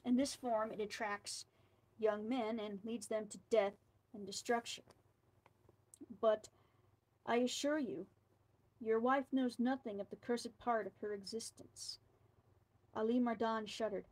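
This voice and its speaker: A woman reading a scary folk tale aloud, slipping in quiet asides between the lines. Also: a little high, fairly even intonation, a little slow, long pauses, low-quality recording. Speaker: storyteller.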